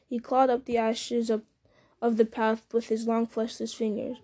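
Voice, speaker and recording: A woman reading a story aloud at a measured pace, with occasional slips and restarts. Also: on the high side, level tone, dark tone. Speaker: reader. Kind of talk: audiobook-style story reading.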